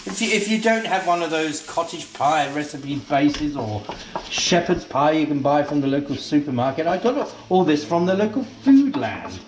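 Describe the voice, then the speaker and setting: A man plays a posh, affected housewife hosting a comedy cooking show, fussing over the stove and calling everyone darling. The voice sits fairly high and swoops about a lot. It rings in a roomy, echoing kitchen. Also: lively intonation, normal speed, a little hiss or hum, close to an everyday voice. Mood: posh chatty. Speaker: comic cooking host. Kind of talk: comic drag cooking show. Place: home kitchen.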